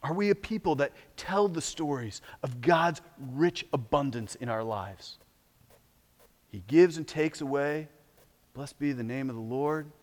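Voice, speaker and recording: Male pastor, high voice, dramatic sermon delivery, hushed to loud; reverberant hall. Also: a little slow. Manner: dramatic swings between hushed and loud, exhorting.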